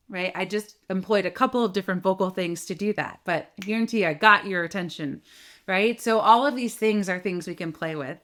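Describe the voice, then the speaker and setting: A middle-aged woman voice coach giving an animated talk to camera, often checking in with "right?" and demonstrating vocal changes as she goes. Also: medium pitch, a little fast.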